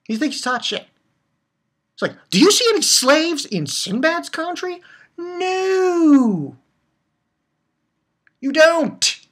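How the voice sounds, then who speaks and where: High-pitched and very animated, with a fairly bright tone and normal speed, this woman reviews anime and manga. Here she tears into a manga chapter in a profane, fiery rant, bluntly saying things again to drive them home.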